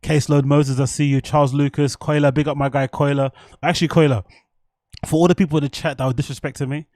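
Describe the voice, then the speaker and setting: A man's voice: on the high side, flat delivery, quick pace, a little mellow, no room sound, studio quality. A man hosting a casual livestream, talking loosely to his viewers in slang and with plenty of swearing. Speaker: livestream host. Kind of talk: casual rambling livestream chat.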